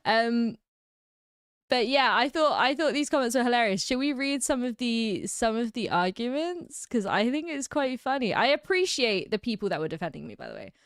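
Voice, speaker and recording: A woman's voice: on the high side, sing-song, normal speed, clear, resonant tone, no room sound, studio quality. A woman from England with an English accent, chatting casually on a livestream, rambling and laughing often. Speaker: streamer.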